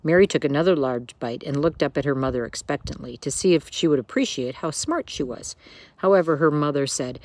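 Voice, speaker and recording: A woman reads a children's book aloud. Her narration is expressive and lilting. She sounds like a storyteller. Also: sits low, fairly quick, dry recording.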